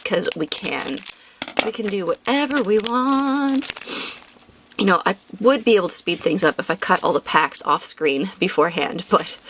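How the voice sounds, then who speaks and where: A young woman chatting casually in her apartment while opening card packs, rambling and jumping up in pitch when she names each card. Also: fairly bright tone. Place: her apartment room, sitting on the floor.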